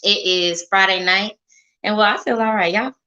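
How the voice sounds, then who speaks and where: A woman's voice: medium pitch, moderate pace, bright, forceful tone, muffled recording. A woman hosting a live-stream talk show, chatty, hyping up her viewers and saying okay and y'all often. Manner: chatty, hypes the audience, says y'all and okay a lot. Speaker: show host.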